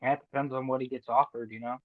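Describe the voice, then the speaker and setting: A man co-hosting a podcast with a playful, teasing manner that breaks into loud chants. His voice comes through a dry, tinny, phone-like line. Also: mid-range voice, level tone, fast, no echo. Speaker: podcast co-host. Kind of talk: casual chat.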